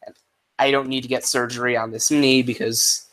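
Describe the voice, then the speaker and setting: A man talking through a wrestling show in a loose, off-the-cuff review, cursing freely and restarting his sentences often. His voice sits at an ordinary middle pitch for a man. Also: little pitch movement, normal speed, fairly bright tone. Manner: rambling and profane, with frequent restarts. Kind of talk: casual spoken review.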